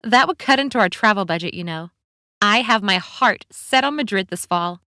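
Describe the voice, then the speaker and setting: A woman reading an audiobook, voicing a cheerful, carefree middle-aged woman who chats brightly with a stranger. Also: medium pitch, expressive, moderate pace, dry recording, studio quality. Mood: bubbly. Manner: bright, breezy and chatty.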